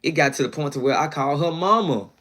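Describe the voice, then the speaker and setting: A man's voice: fairly high pitch, quick pace, a bit bright. Man telling a rambling story. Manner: slangy, rambling, fond of "you know what I'm saying". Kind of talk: casual storytelling.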